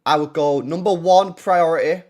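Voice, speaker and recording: A man's voice: fairly high pitch, normal speed, darkish tone. A man hosting a casual football livestream, blunt and profane, often repeating himself. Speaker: football channel host.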